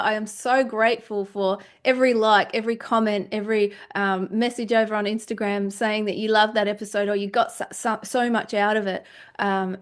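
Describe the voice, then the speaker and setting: A woman hosting her own podcast, talking alone in a chatty, heartfelt, rambling way. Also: medium pitch. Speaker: podcast host. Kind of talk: casual solo monologue.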